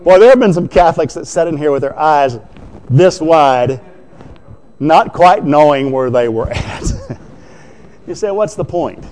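A man preaching from the pulpit with a somewhat raised pitch. He keeps it conversational, asking the congregation questions as he goes. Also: lively intonation, measured pace, pauses often, darkish tone. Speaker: pastor. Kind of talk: sermon.

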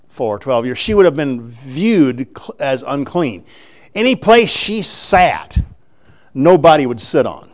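Male preacher, slightly high and smooth, folksy sermon delivery with dramatized scripture. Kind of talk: sermon, Bible exposition.

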